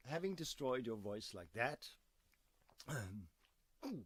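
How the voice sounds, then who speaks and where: A man, hoarse from coughing, casually rambling through a voice demonstration and making puns as he goes. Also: mid-range voice, sing-song, slow pace, fairly bright tone, dry recording. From Denmark. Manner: digressive, punning, playful. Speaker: video host demonstrating a voice technique.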